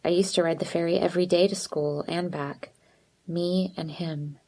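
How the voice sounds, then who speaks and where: A woman voicing a nervous, withdrawn teenage girl who speaks in a quiet, hesitant way. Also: on the low side, fairly even intonation, moderate pace.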